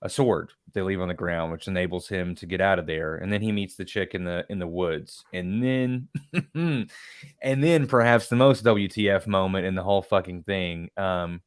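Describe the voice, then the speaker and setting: A man co-hosting a casual film talk podcast, rambling and profane, his voice often trailing off quietly. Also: low voice, moderate pace, clean tone, no room sound, studio quality. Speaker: podcast co-host.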